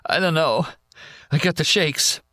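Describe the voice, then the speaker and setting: A man's voice: on the high side, bright, forceful tone, dry recording, studio quality, voice pushed up. A man doing a shaken young soldier. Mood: ashamed, shaky. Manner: halting, ashamed, pleading. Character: shaken young male soldier, broken by battle.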